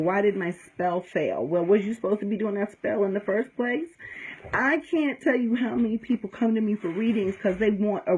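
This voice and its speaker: A woman's voice: mid-range voice, darkish tone, slightly rough, rough recording. A middle-aged woman from the United States, a conjure practitioner, giving blunt, profane, straight-talking advice in a casual teaching talk, often checking in with "okay?". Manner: emphatic storytelling with frequent "okay?".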